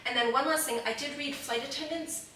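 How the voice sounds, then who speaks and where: Bright-voiced giggly woman, echoey and distant. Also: sits high, a little fast. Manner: giggly, uses lots of "like" fillers. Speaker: podcast co-host. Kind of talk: casual chat. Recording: echoey distant room with poor sound.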